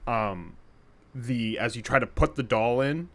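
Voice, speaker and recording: A man running a tabletop game as game master, describing outcomes in a relaxed, explanatory way with fillers. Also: medium pitch, measured pace.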